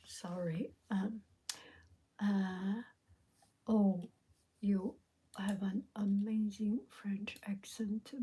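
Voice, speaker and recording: A middle-aged woman with a Chinese accent talks in a soft, breathy whisper. She speaks very slowly and reflectively while answering a live chat. She is outdoors in a park. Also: mid-range voice. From China. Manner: soft, slow, reflective, answers viewer questions. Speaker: livestream host answering chat.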